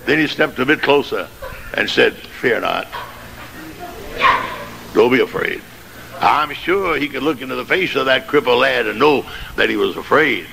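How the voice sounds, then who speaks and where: A man preaching a sermon, telling a story dramatically and rising to shouted climaxes. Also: mid-range voice, normal speed, vocal fry, over a noisy crowd. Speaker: pastor. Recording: noisy old sermon tape.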